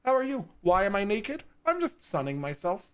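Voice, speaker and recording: A man's voice: sits high, big pitch swings, moderate pace, clean tone, voice pushed up. A man voicing an unhinged male neighbor who screams shrilly and then turns prim and polite. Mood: mock-polite. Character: unhinged adult male neighbor, erratic and volatile.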